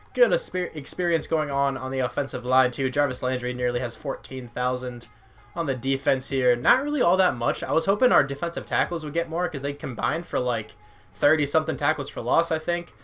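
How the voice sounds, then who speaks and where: A man's voice: mid-range voice, fairly bright tone. Easygoing young man chatting over gameplay. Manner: rambling, easygoing, chatty with viewers. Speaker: gaming YouTuber. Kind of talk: casual let's-play commentary.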